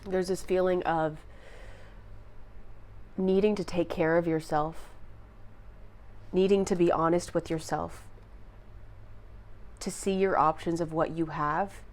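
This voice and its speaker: Soft, lower-voiced woman reading tarot. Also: fairly even intonation, slow pace, pauses often. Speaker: tarot reader. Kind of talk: intuitive tarot reading to viewers.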